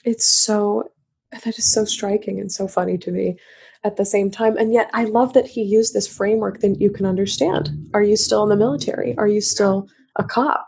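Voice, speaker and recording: A woman's voice: mid-range voice, fairly even intonation, moderate pace, creaky, a little mellow, slightly rough. A woman hosting an interview, reacting expressively to her guest. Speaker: host. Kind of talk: conversational interview.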